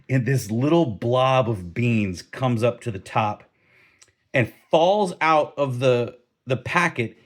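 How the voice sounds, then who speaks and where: A middle-aged man recounts a tale from his army training in a casual vlog, speaking in a medium pitch. He's animated, laughs every so often, and frequently starts his sentences over.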